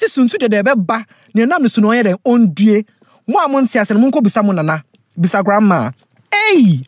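A woman's voice: fairly high pitch, no room sound, studio quality. A woman co-hosting a podcast, reading a listener's letter aloud and breaking off to comment bluntly and jokingly. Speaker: podcast co-host.

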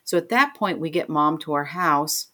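A woman's voice: sits low, animated, moderate pace, bright, forceful tone. A middle-aged woman telling a personal story in an interview, emotional, acting out the voices of the people in it. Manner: emotional, retells scenes by voicing the people in them. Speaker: interview guest.

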